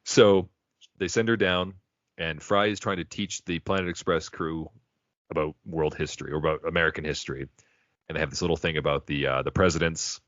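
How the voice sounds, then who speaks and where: A man with a very low voice talks casually as a podcast co-host. He rambles, laughs often and drops into silly quoted voices. The sound is dry and a little dull, like a lo-fi recording. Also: steady tone, fairly quick, a bit bright, no room sound. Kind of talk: casual chat.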